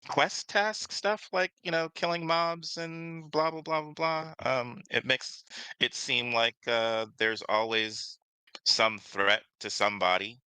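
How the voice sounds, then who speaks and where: A man's voice: mid-range voice, fairly even intonation, takes it slowly, pushed and bright, clear, resonant tone, no echo, poor audio. A man co-hosting a casual discussion, talking with many fillers and restarts. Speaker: podcast co-host.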